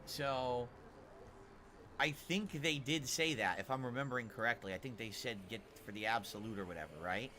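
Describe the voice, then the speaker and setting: A man's voice: mid-range voice, normal speed, bright, forceful tone, a little hiss or hum. A man streaming a video game, thinking aloud hesitantly and asking his chat what they remember. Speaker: gaming streamer. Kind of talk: casual gameplay commentary.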